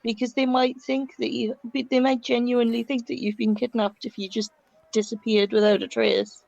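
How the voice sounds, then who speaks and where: A woman role-plays at a tabletop game, reasoning and persuading in a slightly high voice. Her mic sounds dull and lo-fi. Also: level tone, normal speed, creaky, a little mellow. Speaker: player.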